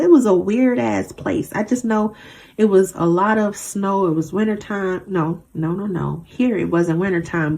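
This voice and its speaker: Woman, low voice, mellow tone, casual rambling vlog, blunt, slangy. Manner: rambling, storytelling, blunt and emphatic; casual slang and mild swearing. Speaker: tarot reader.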